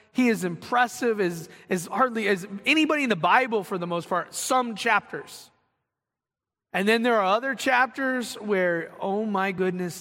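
A male pastor delivers a sermon in a high, bright voice. He reads scripture aloud and acts out quotes with animated emphasis. His words carry a long reverb from a large hall.

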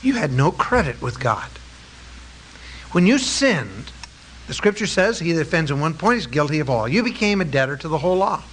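A man preaching a sermon, emphatic, with drawn-out stresses and rhetorical questions to his listeners. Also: on the high side, very animated, fairly bright tone, slight background noise, rough recording.

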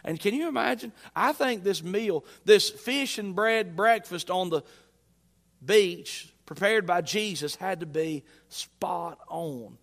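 A man's voice: high-pitched, slow pace, fairly bright tone, long reverb tail. A man preaching a sermon in a folksy, conversational way, his emphasis rising and falling. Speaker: pastor. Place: church sanctuary.

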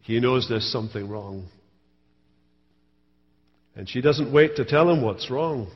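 A man's voice: mid-range voice, expressive, measured pace, long reverb tail, muffled recording. A man preaching a sermon as pastor, telling stories with wry humor. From Scotland. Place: church sanctuary.

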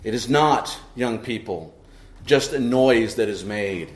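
A middle-aged man preaching in a church, his voice sitting at an ordinary pitch. He presses his points with repeated rhetorical questions and emphatic repetition. The sanctuary gives the voice a noticeable echo. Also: expressive, slow. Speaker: pastor. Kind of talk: sermon. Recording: echoey church room.

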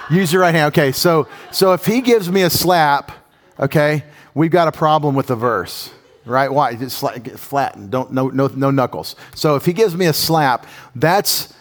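Animated man preaching a sermon. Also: on the high side, moderate pace. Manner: conversational, animated, asks the audience questions. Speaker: pastor.

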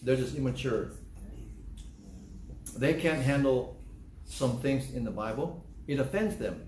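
A man's voice: mid-range voice, animated, unhurried, darkish tone, echoey room, a little hiss or hum. An older man preaching a sermon as pastor, emphatic and repetitive, acting out excuses people give. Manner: emphatic, repetitive, acts out church members' excuses. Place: church.

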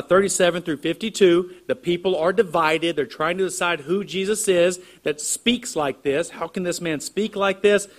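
A man's voice: fairly high pitch, a bit bright. A man preaching an earnest expository sermon, explaining scripture and posing rhetorical questions to his congregation. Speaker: pastor.

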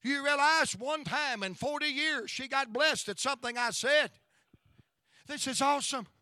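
A man's voice: extremely high pitch, moderate pace, bright, forceful tone, no echo, clean studio sound. A middle-aged man preaching a revival sermon in a church, building rhythmic repeated lines and calling out to the congregation. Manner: call-and-response preaching, chanting repetition.

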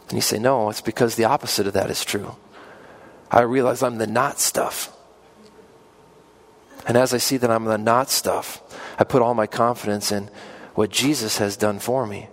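Guy preaching a sermon, earnest, mid-pitched voice, goes big then drops quiet. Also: normal speed. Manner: earnest preaching, rising to emphatic peaks then dropping soft and low. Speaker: pastor.

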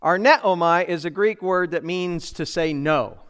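A middle-aged male pastor preaches in a church, his voice set high for a man and smooth, resonant and clear. He presses his points with emphatic repetition and rhetorical questions to the congregation. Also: a little slow, a bit bright. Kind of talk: sermon. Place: church sanctuary.

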